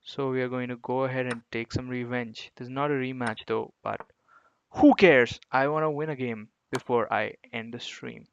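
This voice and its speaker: Brisk and gravelly, this mid-range male voice keeps fairly even intonation and barely pauses. He's chatting with viewers while playing online chess live, mocking himself over his blunders, on lo-fi audio with slight background noise.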